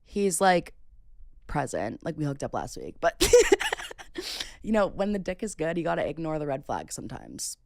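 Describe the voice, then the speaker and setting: A woman's voice: deep voice, sing-song, moderate pace, vocal fry, dry recording, clean studio sound. A woman in her twenties hosting a podcast, telling a dating story in a casual, profane, sarcastic way, full of "like" fillers. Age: 20s. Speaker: podcast host.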